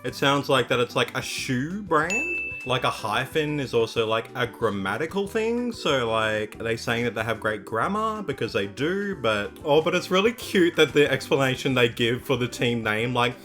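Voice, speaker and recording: A man's voice: medium pitch, very animated, normal speed, hardly any pauses, fairly bright tone, faint music behind. A young man hosting a K-pop reaction video, chatting casually and gushing with upbeat enthusiasm, filling his talk with "like". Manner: gushing, upbeat, heavy use of "like".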